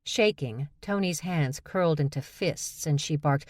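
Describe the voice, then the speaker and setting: A woman's voice: low voice, a little slow, few pauses, a little mellow, dry recording, studio quality. A woman narrating a paranormal romance audiobook, giving each character a voice. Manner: reads all characters with voices.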